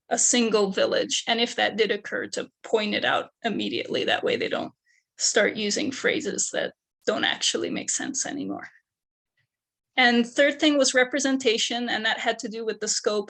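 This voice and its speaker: Young female student researcher, gravelly fry, methodical presenter. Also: a little high, fairly bright tone. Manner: methodical, explaining steps one by one. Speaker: undergraduate researcher.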